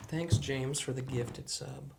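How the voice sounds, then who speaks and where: A woman co-hosting a live stream, making relaxed, low-key remarks indoors. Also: slow, creaky, background noise. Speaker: co-host. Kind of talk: casual live-stream chat. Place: indoors in an old house.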